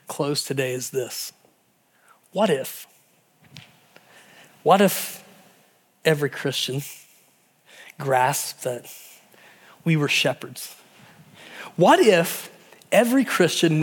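A pastor preaching a sermon and telling stories with animated energy, acting out the people in them. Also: male voice, on the high side. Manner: animated storytelling, acting out voices in quotes.

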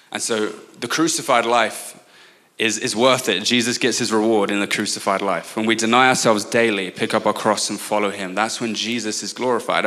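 Young man, English accent, guest preacher, earnest, self-interrupting, lowish voice. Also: sharp tone. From England. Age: 20s. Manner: earnest, quick asides and self-interrupting restarts. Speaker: guest speaker. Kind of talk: sermon.

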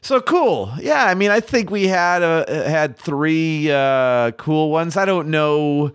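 Casual podcast co-host, male, animated delivery with big pitch swings, dry close mic. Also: takes it slowly, smooth, no echo. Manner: rambling, lots of fillers. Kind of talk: casual chat about movie trailers.

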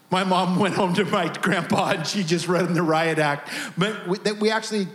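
Pastor, male, higher register, animated storyteller opening a sermon. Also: moderate pace, few pauses. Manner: animated storytelling, acts out voices.

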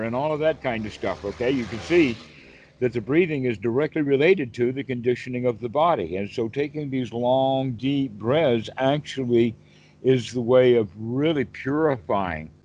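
A man's voice: mid-range voice, darkish tone. Man explaining over a lo-fi call. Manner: explanatory, asks rhetorical questions. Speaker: Buddhist teacher. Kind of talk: one-on-one teaching call. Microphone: video call.

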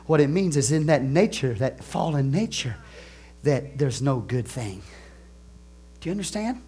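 A man preaching a sermon as pastor, animated, swinging between soft asides and loud exclamations, stretching key phrases slowly. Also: medium pitch. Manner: laughs and asks the congregation questions.

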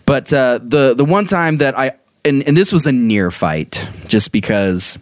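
Male co-host, animated yarn-spinner with a lively voice, dry close mic. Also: medium pitch, unhurried, no room sound. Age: adult, married. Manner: animated, laughs often, acts out quoted voices. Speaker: podcast co-host telling stories. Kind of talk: casual storytelling chat.

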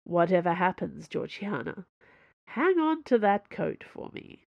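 A woman's voice: on the low side, sing-song, measured pace, vocal fry, darkish tone, no room sound, highs cut off, full character voice. A woman reading the lines of a sarcastic, smirking male intruder in an audiobook, with a teasing, smug delivery.

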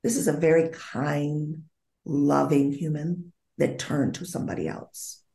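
A woman's voice: deep voice, a little slow, gravelly, dark tone, echoey room. A woman being interviewed as a psychic medium, telling a story vividly, acting out the dialogue and often restarting her sentences.

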